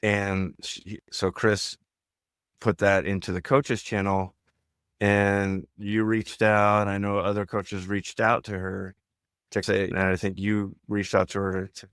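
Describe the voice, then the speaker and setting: A man with a fairly low, smooth and resonant voice co-hosts a podcast in casual, coaching chat. He talks emphatically and keeps checking in with his listener. The sound is dry and close, with no room around it. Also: a bit bright, no echo. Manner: coaching, emphatic, tag questions. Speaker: podcast co-host.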